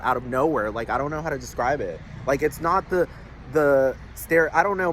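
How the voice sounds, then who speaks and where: A man's voice: fairly high pitch, fairly bright tone, a little hiss or hum. A young man rambling in a casual monologue, swearing constantly and filling his talk with "like" and "dude".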